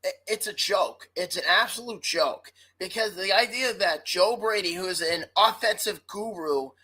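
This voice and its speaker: A woman's voice: medium pitch, normal speed, bright, forceful tone, husky, poor audio. A woman co-hosting a sports podcast, ranting hotly and swearing freely in casual talk. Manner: heated, profane ranting. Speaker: podcast co-host.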